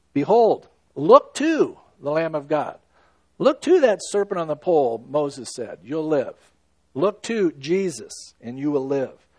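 Earnest higher-voiced male preacher. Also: dry recording. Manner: earnest, emphatic preaching with swings between loud and hushed. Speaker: pastor. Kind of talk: sermon.

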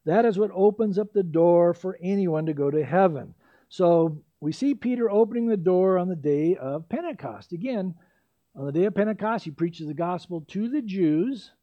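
A man preaching a sermon, telling the story in a lively way with playful asides. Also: high-pitched, moderate pace, muffled recording.

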